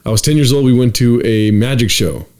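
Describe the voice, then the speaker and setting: A young man with a mid-range voice talks a little fast as he co-hosts a podcast, spinning a long story in relaxed conversation. He acts out the people in it, animatedly voicing their quotes, and swears freely.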